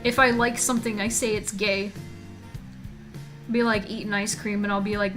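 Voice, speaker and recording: A woman's voice: mid-range voice, level tone, moderate pace, music in the background. A woman streamer in casual chat, joking and talking to her viewers as she draws. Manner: chatty and joking, reading chat aloud. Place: home streaming setup.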